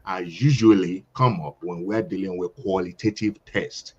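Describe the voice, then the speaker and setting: A man, a doctor guest, calmly explaining lab test results. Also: low-pitched, moderate pace, slightly rough, muffled recording.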